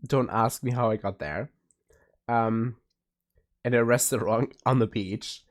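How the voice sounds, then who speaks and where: A man's voice: mid-range voice, steady tone, a little slow. A young man chatting casually with his stream viewers, rambling with many restarts and laughs. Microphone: streaming mic.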